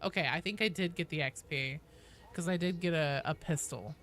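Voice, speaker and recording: A woman's voice: low voice, normal speed, a bit bright. A woman chatting casually with viewers and teammates while streaming a game, swearing, cheering and thanking followers.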